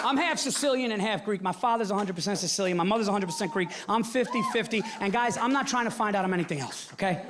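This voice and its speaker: A man in his forties doing animated stand-up comedy on stage, acting out his family in loud put-on voices. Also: high-pitched, quick pace, hardly any pauses, over a noisy crowd. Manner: animated, acts out his father with a loud Italian-American voice. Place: comedy stage before a live audience. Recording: live show with audience laughter and noise. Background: audience laughing.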